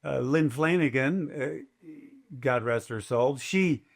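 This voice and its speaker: An older man speaks as a podcast guest, a race announcer recalling how he started. His voice sits at an ordinary middle pitch. He talks in a lively, chatty way and often acts out what he said back then. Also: slow pace, gravelly. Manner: lively, chatty, fond of quoting himself. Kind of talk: casual storytelling.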